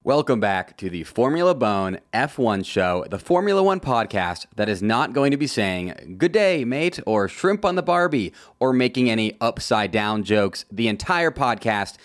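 Low-voiced jokey podcast host, dry sound. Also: male voice, measured pace, few pauses, no room sound. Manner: jokey, self-deprecating asides in a steady read. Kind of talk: scripted solo podcast talk.

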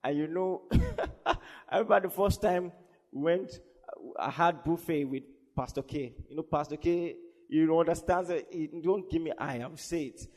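A man preaching a sermon with fervour, swinging from shouted declarations to soft, laughing asides. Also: a little high, moderate pace. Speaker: pastor. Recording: long reverb of a large hall.

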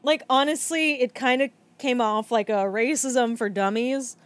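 A woman's voice: fairly high pitch, unhurried, no room sound. A woman co-hosting a casual podcast chat, speaking frankly and swearing freely. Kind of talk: casual chat reviewing a film.

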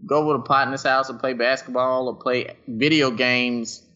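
A man's voice: medium pitch, steady tone, moderate pace, bright, forceful tone. A man chatting casually at home on a group call, loose and rambling, full of slang and swearing. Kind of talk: casual profane group chat. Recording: dull lo-fi call audio.

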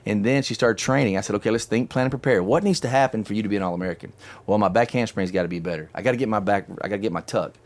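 A middle-aged man hosting a casual chat, telling a long story in an animated, chatty way and laughing often. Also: lowish voice, very fast. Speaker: podcast host telling a story.

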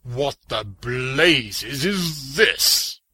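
A man doing a steady, reassuring male hero. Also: on the low side, slow, breathy edge, no echo, full character voice, poor audio.

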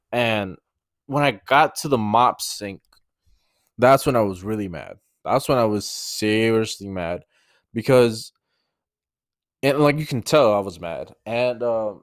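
A man's voice: medium pitch, clear, resonant tone, no room sound, studio quality. A young man hosting a podcast, telling a work story in a rambling, casual way, swearing often and correcting himself mid-sentence. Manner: rambling, profane, restarts and self-corrections. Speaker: podcast host. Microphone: mouth-close microphone.

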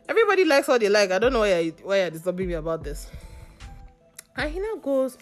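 A woman's voice: mid-range voice, very animated, quick pace, soft background music. A woman hosting a podcast, telling a story in a casual, gossipy way and swearing now and then. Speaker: podcast host.

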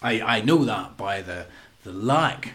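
A man's voice: on the low side, animated, slow, a bit bright. A young man co-hosting a casual podcast chat, telling stories in a hyper, laughing way with plenty of swearing. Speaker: podcast co-host.

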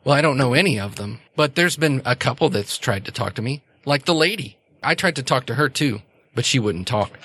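A man voicing a little girl who hosts an ancient female spirit, talking in a calm, childlike, matter-of-fact way. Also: medium pitch, fairly quick, slightly rough, dry recording. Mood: plain, candid.

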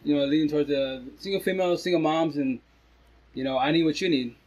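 A man's voice: on the high side, quick pace, darkish tone, dull audio. A man livestreaming casually from home as a father talking to his followers, rambling and restarting sentences, sometimes dropping in Spanish words. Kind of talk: casual live-stream chat. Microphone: phone live stream.

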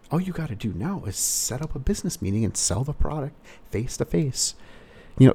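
Man, salesman giving sales tips, low-ish voice, mellow, rambling with lots of fillers. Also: husky. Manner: rambling, full of "you know" fillers. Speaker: car salesperson. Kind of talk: casual sales advice monologue.

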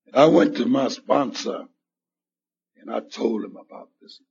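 A man gives his testimony at a recovery meeting in a slow, unhurried way. His voice is gravelly and very husky, and it sits a little high for a man. He acts out the voices of people in his story, and the recording is a dull, lo-fi meeting tape. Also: a little mellow. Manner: storytelling with acted-out quoted dialogue. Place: meeting hall.

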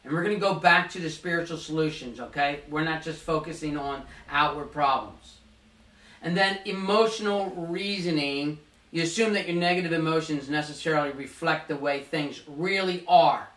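A man's voice: a little high, normal speed, a bit bright, recorded from a distance. A man hosting a casual Christian youth podcast, earnest and a bit preachy, often repeating himself. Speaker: podcast host. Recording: roomy echo, off-mic.

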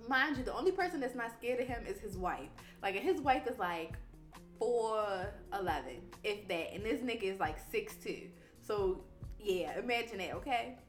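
A woman podcast host telling a story in casual, animated chat, swearing freely. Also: mid-range voice. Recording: roomy echo.

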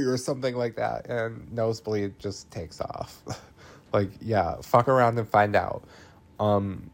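Laid-back, slow-talking movie recapper. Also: medium pitch, fairly even intonation, a little mellow. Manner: chatty, filler-heavy, swears freely, laughs often. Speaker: podcast host recapping a film.

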